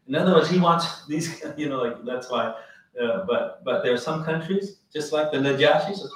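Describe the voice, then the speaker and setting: Man, casual religious talk, animated storyteller, heavy room echo, mic set back. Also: medium pitch, normal speed. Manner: animated storyteller, acts out quoted voices, chuckles, restarts. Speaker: Islamic teacher. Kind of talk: informal religious lecture with storytelling. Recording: very echoey room, distant mic, faint noise.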